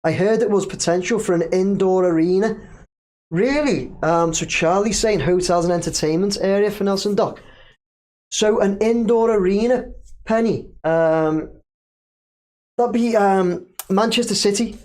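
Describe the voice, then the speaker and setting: A man's voice: high-pitched, measured pace, a little mellow. A man hosting a casual live stream, chatting loosely, reading viewer comments aloud and laughing easily. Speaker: livestream host.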